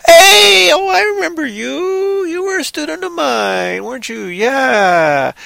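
A man's voice: very high-pitched, lively intonation, slow pace, gravelly, bright, forceful tone, no echo, pitched above the performer's own voice, exaggerated voice. A man voicing a mocked, panicky woman from a horror film, shrieking melodramatically. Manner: melodramatic, mocking overacting.

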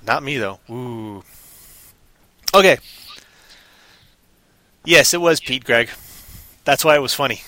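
A man's voice: medium pitch, lively intonation, slow, pauses often, pushed and bright, no room sound. A man hosting a live stream in casual chat, rambling and goofy, often breaking into sing-song humming. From Canada.

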